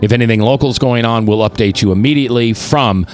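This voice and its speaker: A man's voice: mid-range voice, fast, soft background music. A man in his fifties hosting a talk radio show, delivering preachy commentary and acting out the quotes he reads. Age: 50s. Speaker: radio host.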